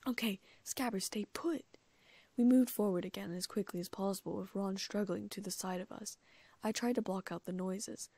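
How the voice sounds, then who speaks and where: A woman narrates an audiobook in a hushed, often half-whispered reading. Her voice is husky and gravelly at the edges, recorded dry and close. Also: medium pitch, steady tone, fairly quick, no echo. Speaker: audiobook reader. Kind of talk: reading first-person fan fiction.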